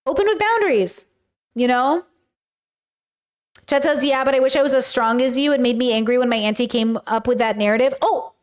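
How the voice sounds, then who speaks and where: Reading her viewers' chat, a young livestream host replies with animated, blunt casualness, addressing them directly. Her fairly high voice is clean and a little fast, captured on a webcam or desk microphone.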